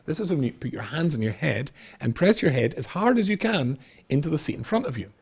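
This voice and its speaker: A man's voice: a little high, sing-song, a little fast, gravelly, slightly rough. A middle-aged man, a rabbi, giving a humorous storytelling talk in a wry, self-mocking way, often laughing at his own jokes.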